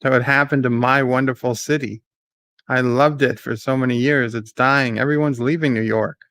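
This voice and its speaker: A man giving live commentary on a debate. He paraphrases the speakers, reads out viewer chat and gets excitable at times. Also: mid-range voice, moderate pace, no echo.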